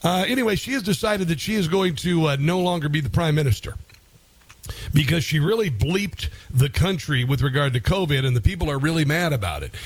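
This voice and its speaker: A man's voice: fairly high pitch, expressive, a little fast, breathy edge, no echo. A man hosting a radio talk show, commenting sarcastically and rambling with fillers.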